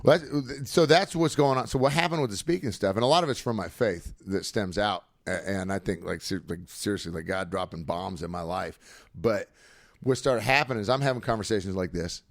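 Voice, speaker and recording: A man's voice: lowish voice, a little fast, no echo. A man, a former football player, telling stories energetically in a casual podcast chat. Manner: energetic, animated storyteller with lots of fillers.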